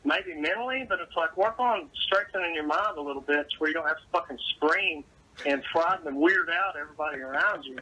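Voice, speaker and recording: A man's voice: fairly high pitch, a little fast, bright, forceful tone, slightly rough, rough recording. A man talking in a casual podcast chat, blunt and opinionated, swearing a lot.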